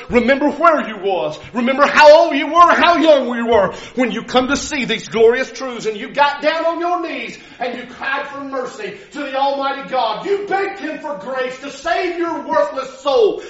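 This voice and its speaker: A man with a very high, thin voice preaches, rising into fervent shouts and dropping low to act out biblical figures. The recording is dull and lo-fi. His delivery is dramatic and full of feeling. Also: normal speed, hardly any pauses. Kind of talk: sermon.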